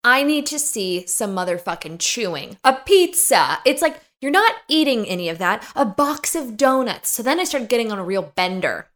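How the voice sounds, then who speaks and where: A woman in casual podcast chat, telling animated, profane stories with big swings in pitch. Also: moderate pace, hardly any pauses. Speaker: podcast guest, commentator on influencers.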